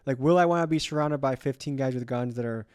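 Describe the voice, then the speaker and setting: A man's voice: medium pitch, quick pace, clean tone, no echo, studio quality. A young man guesting on a podcast, telling stories earnestly and acting out quoted voices as he goes. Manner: earnest, animated storytelling with quoted asides. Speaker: guest, documentary filmmaker. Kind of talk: casual podcast chat.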